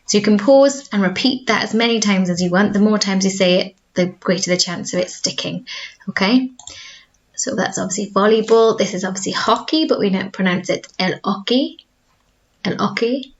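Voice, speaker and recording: A woman's voice: medium pitch, fairly quick, dull audio. A woman with a Welsh accent who teaches school languages, giving a recorded video lesson and explaining patiently, modelling each word more than once. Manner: clear, patient explaining with repeated model words.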